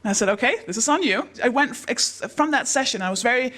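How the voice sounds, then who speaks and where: Female comic MC, deadpan and self-deprecating, bright voice, live stage. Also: on the high side, fast talker. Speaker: comedy night host. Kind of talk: stand-up comedy. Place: comedy stage before a live audience.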